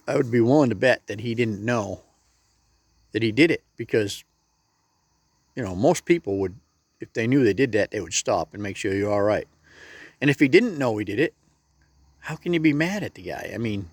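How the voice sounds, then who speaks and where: A man's voice: lowish voice, expressive, normal speed, long pauses, no room sound, clean studio sound. Plain-spoken man giving folksy advice. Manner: plain-spoken and folksy, talks straight to the viewer. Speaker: motivational vlogger. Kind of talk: casual motivational monologue.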